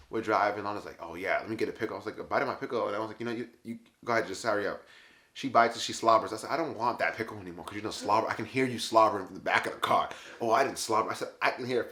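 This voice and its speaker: In an echoey room, a man vlogs a story casually and with animation. He laughs often and acts out what others said, speaking at a fairly low pitch.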